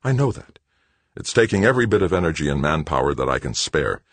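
A man's voice: a bass voice, very animated, fast talker, no echo, full character voice. A man reading an audiobook and voicing a stern, impatient male base director who talks sharply and dismissively. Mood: exasperated. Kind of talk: audiobook character voice.

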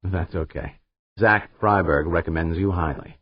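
A man voicing an easygoing, friendly businessman in an audiobook, in a relaxed, plain manner. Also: low-pitched, a little slow, breathy edge, no echo, muffled recording. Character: easygoing middle-aged businessman.

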